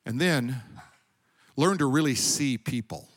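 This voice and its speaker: A middle-aged man preaching a sermon as pastor, telling personal stories and building to loud, emphatic calls to the congregation. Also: mid-range voice, lively intonation, a little slow.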